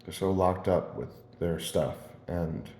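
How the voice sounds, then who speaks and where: A man rambling through personal stories in a casual monologue, halting and repeating words as he restarts his sentences. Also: sits low, darkish tone, a little hiss or hum. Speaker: vlogger. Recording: roomy echo.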